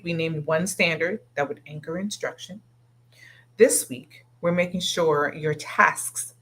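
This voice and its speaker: A woman's voice: deep voice, fairly bright tone, slightly rough. A middle-aged woman hosting a solo coaching podcast, talking earnestly, often checking in with "right?" and backtracking to explain. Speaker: leadership coach and podcast host.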